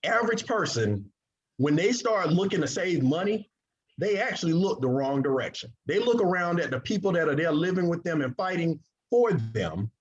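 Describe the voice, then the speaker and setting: A man giving an energetic sales presentation, drawing call-and-response from his audience. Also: a little high. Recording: dull lo-fi recording.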